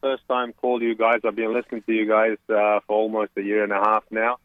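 A man with an Australian accent, calling in to a radio chat show and talking haltingly with many fillers and restarts. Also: lowish voice, completely flat delivery. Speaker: caller. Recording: tinny phone line.

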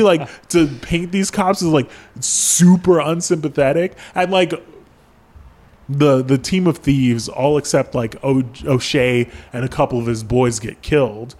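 A young man hosts a podcast in a medium-pitched, unhurried, slightly mellow voice. His casual chat is loose and profane, packed with "like" as a filler.

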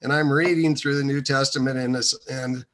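Brief: man, middle pitch, bright forceful tone, meandering and filler-heavy storytelling. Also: fairly even intonation, normal speed. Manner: hesitant and meandering, many fillers. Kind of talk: personal storytelling.

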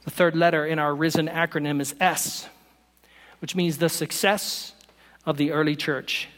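An animated man preaching to his congregation, mixing humor into scripture and playing out little scenes with his voice. His voice sits a bit high, and the sound rings with a long hall reverb. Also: normal speed. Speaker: pastor. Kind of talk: sermon.

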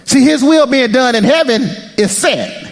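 A male pastor preaching an impassioned sermon, swinging from loud cries to near-whispers and breaking into prayer. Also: very high-pitched, a little slow, vocal fry. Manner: prays aloud mid-sermon.

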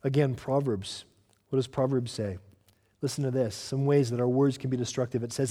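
A man from Southern California preaching a sermon as pastor, earnest, swinging between loud emphasis and soft, slow asides. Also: medium pitch, in a large hall.

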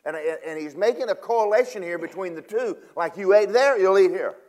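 A man preaches, putting scripture into casual, paraphrased terms. His pitch sits high and his intonation is lively, with emphatic loud moments giving way to quiet, slow asides.

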